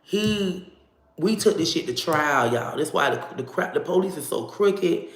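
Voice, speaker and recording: A woman telling a personal story to camera in a casual, animated way, swearing freely and acting out what people said. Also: sits low, a little slow, roomy sound. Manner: animated, profane, acts out dialogue.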